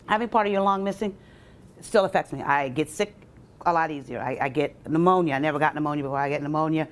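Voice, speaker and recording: Woman stand-up comedian, lively onstage delivery, bantering with the audience. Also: fast. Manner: animated, jumps into quoted voices with sharp pitch leaps; banters directly with audience members. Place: college event stage before a live audience.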